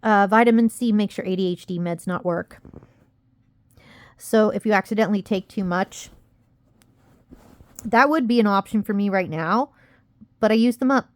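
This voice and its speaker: Pausing often at a normal pace, a young woman with a mid-range voice records a casual confessional vlog in a dry space. She's upset and near tears, rambling in self-critical frustration as she cautions her audience.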